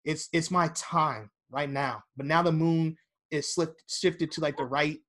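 A young man hosts a casual podcast, his voice sitting a little high for a man. He talks in long rambling stretches, full of fillers and restarts. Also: measured pace, a bit bright. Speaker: podcast host.

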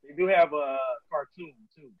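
High, lively man chiming in lo-fi. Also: a crowd in the background. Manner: chimes in with quick asides and corrections. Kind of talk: casual chat.

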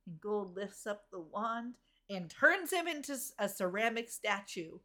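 A woman co-hosting a relaxed recap chat. She sounds tired and wry, with quick asides and a mid-range voice. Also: medium pitch. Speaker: podcast co-host recapping a TV episode. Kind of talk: casual chat.

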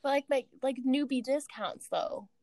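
A woman's voice: high voice, moderate pace, darkish tone, no room sound. A woman co-hosting a podcast in casual chat, rambling with many fillers and restarts. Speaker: podcast co-host.

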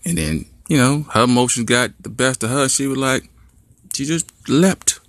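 A man hosting a podcast, telling a comic story in a casual, animated way with many asides. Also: mid-range voice, a little fast, no room sound. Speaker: podcast host.

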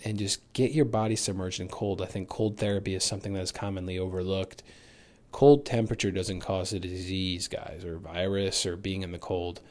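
A man with a fairly low voice hosts a solo fitness podcast. He talks in a loose, candid, motivational way and drops the occasional swear word. He is getting over a recent illness. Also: steady tone, a little fast, a little mellow. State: recovering from illness. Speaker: fitness coach and podcast host. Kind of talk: casual solo podcast monologue.

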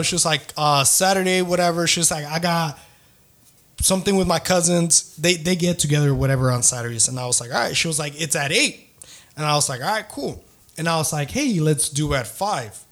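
In a fairly high-pitched, slightly bright voice, a man in his thirties who hosts a podcast rambles through a casual story about dating. He swears a lot, uses plenty of slang and mixes in some Spanish.

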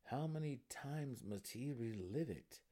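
A man narrating a fantasy novel as an expressive dramatic reading. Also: mid-range voice, measured pace.

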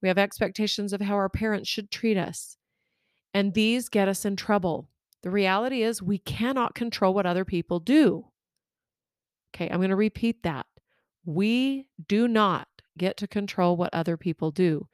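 A woman coach talks listeners through everyday relationship advice in a relaxed, conversational tone. Her delivery is expressive and candid, speaking straight to the audience, with a mid-range voice. The sound is dry and close, with no room echo. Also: mid-range voice, moderate pace, smooth. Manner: expressive, candid storytelling with direct address to listeners. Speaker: life coach and podcast host.

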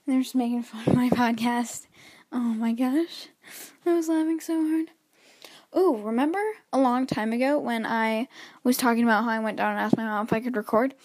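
Alone on her podcast, a teen girl chats nervously, wandering off topic and restarting a lot while she paces her bedroom, a little wheezy. Her voice is fairly high and a little mellow, at a moderate pace.

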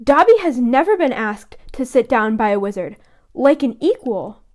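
A woman's voice: on the high side, big pitch swings, moderate pace, a little mellow. A woman voicing a timid, anxious male house elf as she reads his lines aloud from a storybook.

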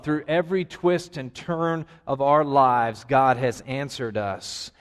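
A man preaching a sermon to his congregation, earnest, with dramatic pauses and rising emphasis. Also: medium pitch. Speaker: pastor. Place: church sanctuary. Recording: long hall reverb.

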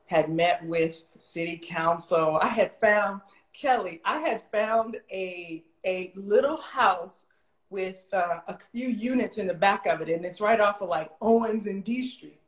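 A middle-aged woman telling a long personal story in casual chat, animated and full of "like" fillers, jumping high in pitch when she quotes people. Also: a little slow. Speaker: guest telling her story. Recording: roomy echo.

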